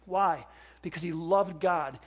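An older man preaching a sermon as a pastor, animated and given to acting out exclamations and quoted voices. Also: a little high, slow.

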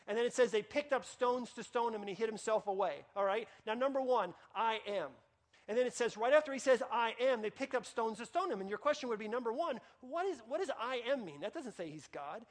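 High-voiced man preaching a sermon. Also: animated, brisk. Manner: emphatic, repeats phrases and restarts sentences. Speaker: pastor.

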